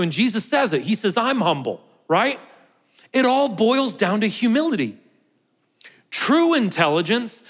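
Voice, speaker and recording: A man with a fairly high voice preaches a sermon, talking to his congregation in a conversational way and often tagging his points with a quick question. The sound carries a long reverb, as if from a large hall. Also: fairly bright tone. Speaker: pastor.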